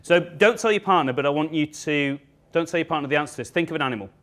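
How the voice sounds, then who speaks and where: Guy from england running a sales workshop, slightly high voice, jokey and upbeat, bossing the room around with quick instructions. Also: fairly bright tone. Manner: upbeat, joking, gives brisk instructions. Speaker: sales trainer. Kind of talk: live workshop talk to an audience. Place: event room with an audience.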